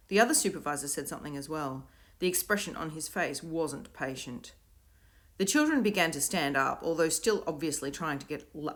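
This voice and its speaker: A woman narrating a children's storybook in an expressive, varied way. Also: sits low. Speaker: audiobook reader.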